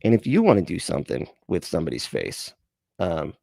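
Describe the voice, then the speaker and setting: A man's voice: low voice, wildly swooping pitch, fairly quick, gravelly, mellow, no room sound, studio quality. A man hosting a casual reaction stream, rambling and profane, laughing often.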